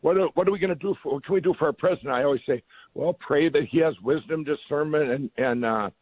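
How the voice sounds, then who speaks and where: A middle-aged male guest, interviewed over the phone, rambles enthusiastically with lots of restarts. He talks fast in a slightly high voice, on a tinny, dry phone line with no room sound.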